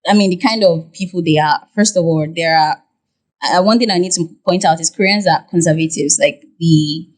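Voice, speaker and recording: Animated Nigerian woman telling stories. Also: on the low side, a little fast. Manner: animated storytelling with many fillers and restarts. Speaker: podcast guest, content creator and Korean interpreter. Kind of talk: casual interview talk.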